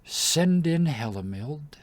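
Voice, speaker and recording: A man's voice: fairly high pitch, lively intonation, slow pace, voice pushed up. A man voicing a cold, regal noblewoman giant who gives clipped, imperious commands. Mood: commanding.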